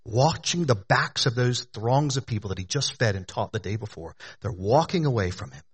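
A man preaching a sermon in a conversational way, talking to the congregation as "y'all", rising to loud emphatic lines and dropping to hushed ones. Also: animated, normal speed, slightly rough. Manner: swings between loud emphatic rises and hushed low drops. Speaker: pastor.

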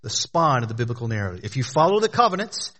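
A man's voice: medium pitch, sing-song, fast talker, a bit bright. A man preaching a sermon as pastor, with emphatic, repetitive phrasing, sometimes speaking directly to the children in the congregation.

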